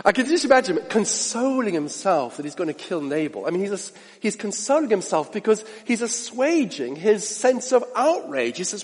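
A man preaching a sermon, dramatic and full of rhetorical questions, often dropping to a hushed aside. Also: high-pitched, sing-song, normal speed, hardly any pauses, husky. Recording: long reverb of a large hall.

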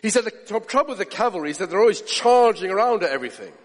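A man preaching a sermon in an animated way, acting out the voices of people he quotes. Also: high-pitched, racing. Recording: long hall reverb.

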